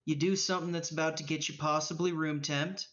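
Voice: medium pitch, steady tone, a little fast, a bit bright, close to an everyday voice. Gm putting on a cussing laid-back merc guy, muffled lo-fi stream sound. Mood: offhand, gruff. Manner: swearing, offhand drawl. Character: casual hard-bitten male mercenary.

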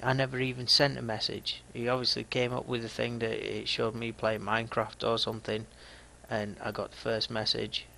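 A Yorkshire man in his thirties talks straight to his viewers as a gaming vlogger, dry and a little mocking. His voice has a gravelly fry to it and a bright, forceful edge, with some faint noise underneath. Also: mid-range voice, completely flat delivery, moderate pace, poor audio. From Yorkshire, England. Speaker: gaming YouTuber. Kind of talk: casual video commentary.

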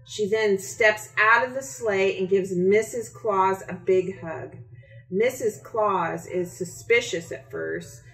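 Woman author reads her kids' book aloud, unhurried and expressive, roomy echo. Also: medium pitch. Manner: slow, expressive storytelling. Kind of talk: reading a picture book aloud. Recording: echoey room.

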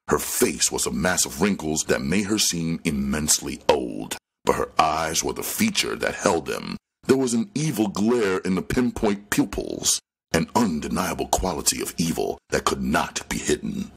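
A man reading a crime novel aloud with expressive storytelling narration. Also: very deep voice, slightly rough. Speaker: audiobook reader.

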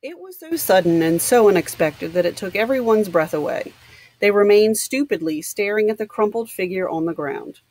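A woman reading a novel aloud in an even, measured narration. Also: medium pitch, dry recording, poor audio. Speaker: audiobook reader.

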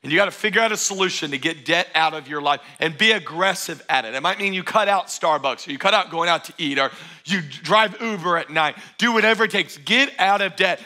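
Bright, forceful preaching pastor. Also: male voice, a little high, brisk. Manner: energetic, emphatic preaching with repeated phrases. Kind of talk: sermon. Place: church auditorium.

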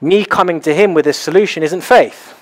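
A young man preaching a sermon in a small house church, animated and acting out little scenes as he talks. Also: fairly high pitch, fairly quick. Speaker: pastor.

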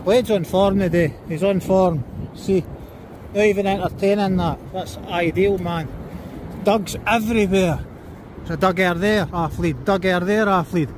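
A man's voice: sits high, slight background noise. A Scottish man vlogging outdoors while walking his dog, blunt and sweary, giving commands. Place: outdoors on a seafront by a road.

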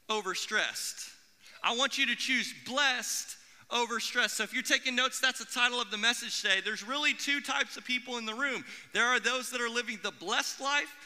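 Young male pastor, high bright voice, animated sermon delivery, church hall reverb. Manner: animated, acts out quoted voices. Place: church auditorium.

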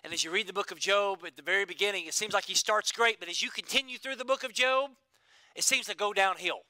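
Pastor, male, higher-pitched voice, dry close sound, preaching with repetition and sudden hushed drops. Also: fast talker, dry recording. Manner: preaching with emphatic repetition, swinging between loud and hushed. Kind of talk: sermon.

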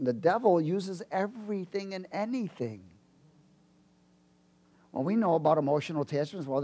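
Male preacher, high voice, lively sermon delivery with loud peaks and quiet asides. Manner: animated, swings from loud bursts to low asides.

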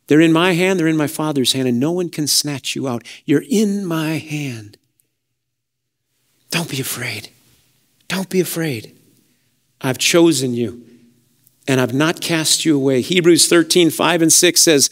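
A man preaching with a notably high voice. He moves from soft, hushed phrases to ringing calls to rejoice. He often breaks in with praise. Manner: impassioned preaching, swinging between soft hushed lines and raised exhortations; fervent, with repeated "praise God" and "hallelujah". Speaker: pastor. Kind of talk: sermon.

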